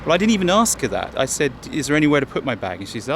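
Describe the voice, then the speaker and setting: A man's voice: mid-range voice, very animated, racing, fairly bright tone, a little hiss or hum. Chatty English man vlogging outdoors. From England. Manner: chatty and rambling, speaks to the viewers directly. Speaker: travel vlogger. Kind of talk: casual travel vlog talk to camera. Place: outdoors in a town and on a bus.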